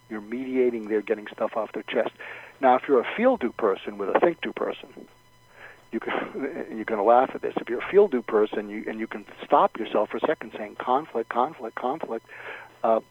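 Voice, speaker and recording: A man's voice: brisk, no room sound. A man giving advice as a guest on a radio talk show, explaining step by step and acting out sample lines of dialogue. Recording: dull low-fidelity radio sound.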